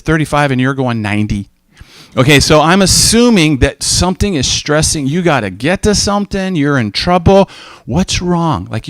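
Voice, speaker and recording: A man delivering a sermon-style talk with lively storytelling. He slips into other voices for dialogue and repeats lines for emphasis. The sound is dry and close, with a mid-range voice. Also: medium pitch, no echo. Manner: animated storytelling, acts out dialogue, emphatic repetition. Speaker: speaker.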